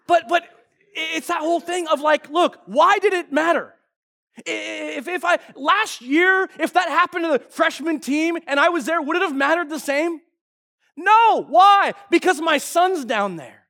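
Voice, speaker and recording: Middle-aged pastor, man with a very high voice, playful and animated, good for a sermon opener. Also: a little slow, vocal fry. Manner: animated, joking storyteller.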